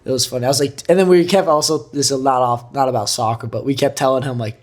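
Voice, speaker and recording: A man of middle pitch telling stories in a loose, joking way, swearing freely as he rambles. He talks like a podcast co-host chatting with a friend. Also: quick pace, hardly any pauses. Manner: rambling, profane, joking storyteller. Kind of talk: casual chat.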